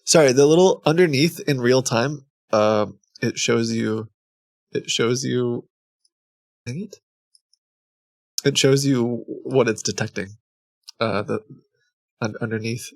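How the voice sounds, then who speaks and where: A man's voice: mid-range voice, takes it slowly, pauses often, dry recording, clean studio sound. A man live-streaming, chatting casually to his viewers, rambling and cutting himself off, often laughing at himself.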